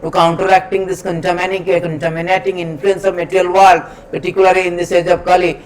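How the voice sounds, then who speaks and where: A man's voice: sits high, level tone, fast talker, rough recording. A man giving a scripture lecture, emphatic and repetitive, chanting Sanskrit verses in between. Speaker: preacher.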